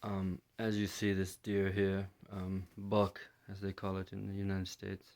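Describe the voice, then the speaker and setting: A man's voice: low voice, monotone, a little slow, a little mellow. A man from London, telling a personal story in a hesitant way, full of fillers and restarts. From London, England. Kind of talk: first-person storytelling monologue.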